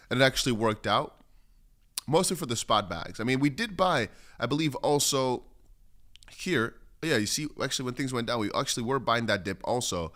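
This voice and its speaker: A man's voice: mid-range voice, animated, fairly quick, fairly bright tone. A man hosting a casual crypto livestream, rambling through chart commentary and reading viewer comments aloud. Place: home studio in Dubai.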